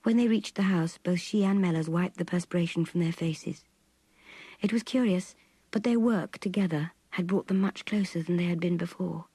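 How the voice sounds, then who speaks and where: Brief: older woman narrator, gravelly and very husky, close dry audiobook read. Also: on the low side, moderate pace, warm tone, no echo. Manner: intimate, breathy half-whisper narration. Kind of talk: audiobook reading of a classic novel.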